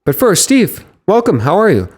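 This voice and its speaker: A man's voice: high voice, wildly swooping pitch, moderate pace. A man hosting a marketing podcast, introducing his guest in an upbeat way and asking him questions. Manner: upbeat, playful announcer voice at times. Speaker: podcast host.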